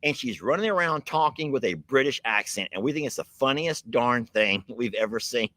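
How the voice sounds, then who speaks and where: A man's voice: mid-range voice, expressive, moderate pace, fairly bright tone, no echo. A man hosting a livestream, chatting casually and folksily with a guest. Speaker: livestream host. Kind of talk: casual live chat with a guest.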